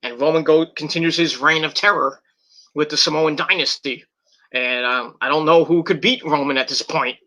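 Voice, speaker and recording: A man's voice: on the high side, moderate pace, sharp tone. A man recapping and reviewing a wrestling event in a casual, rambling way, with lots of fillers, restarts and swearing.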